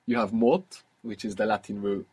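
A man's voice: on the low side, moderate pace, darkish tone, slightly rough. A man teaching a guided audio language lesson, patiently asking questions and explaining step by step.

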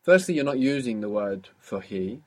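Male language teacher, slightly husky, patient, quizzes a learner and repeats answers back. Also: mid-range voice, animated, normal speed. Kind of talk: guided spoken lesson.

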